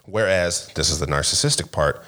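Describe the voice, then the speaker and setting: A middle-aged man co-hosting a podcast, telling animated stories in casual chat and laughing often. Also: low voice, a little fast. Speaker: podcast co-host.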